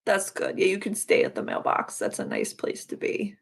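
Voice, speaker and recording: A woman's voice: medium pitch, huge pitch swings, normal speed, gravelly, husky. A woman hosting a spiritual self-help video, talking in a casual, loose, rambling way from her own room. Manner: conversational, loose and rambling with "like" and "dude". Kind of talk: casual reflective monologue.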